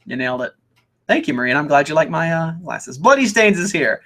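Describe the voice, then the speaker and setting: Chatty young man with a lively voice. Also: on the high side, a little fast. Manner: chatty, upbeat, reads out viewer questions. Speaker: host. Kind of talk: casual live Q&A chat.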